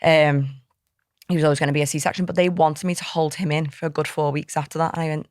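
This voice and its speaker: A woman's voice: sits low, steady tone, fast talker, no room sound, clean studio sound. A woman, a podcast guest recounting a hard personal story in a heartfelt, tumbling way full of quoted dialogue. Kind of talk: candid personal storytelling in an interview.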